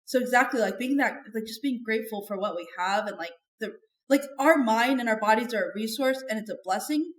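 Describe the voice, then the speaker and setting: A woman's voice: a little high, fairly quick. A woman guest in a podcast interview, talking in a chatty, earnest way and filling her sentences with "like". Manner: chatty and earnest, heavy use of "like". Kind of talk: candid conversational interview. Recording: echoey room.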